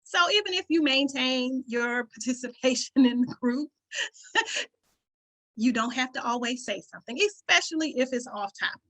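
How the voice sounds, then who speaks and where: A woman from the rural southern United States speaks with a Southern country twang in a high, expressive, slightly bright voice at a moderate pace. She's hosting a community call, chatting casually to the online group, often checking in with "right?" and laughing now and then.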